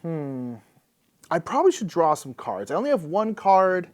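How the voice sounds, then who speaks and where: A man's voice: a little high, big pitch swings, normal speed. A man casually talking through a solo board game, thinking aloud as he explains the rules, upbeat and playful. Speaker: board game channel host.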